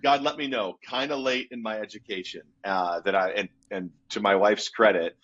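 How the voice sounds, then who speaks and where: A husky, fairly low male voice belonging to a youth pastor in his fifties. He tells his story in an animated, casual way and laughs along as he goes. The recording sounds dull and lo-fi. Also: moderate pace.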